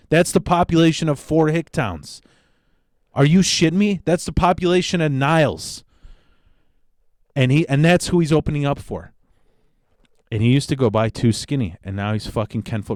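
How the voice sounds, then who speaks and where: A comedian from the Chicago area talks through his own podcast in a loose, profane monologue, jumping into excited outbursts. His voice sits at a middling pitch for a man. The sound is dry and close. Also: no room sound. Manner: profane, animated storytelling with sudden excited outbursts. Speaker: podcast host and stand-up comedian. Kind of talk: casual solo podcast monologue.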